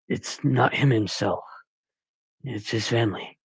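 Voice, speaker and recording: A man voicing a stern, grieving police chief father, speaking low and heavy. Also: measured pace, husky, no echo. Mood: grave. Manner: low, hushed, heavy delivery.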